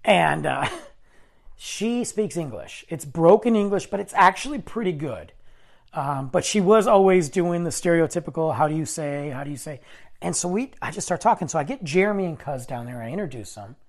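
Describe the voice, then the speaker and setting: Animated man spinning a rambling story. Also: fairly high pitch, normal speed, vocal fry. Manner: animated, rambling, self-correcting, acts out quoted dialogue. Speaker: vlogger telling a story. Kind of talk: casual storytelling.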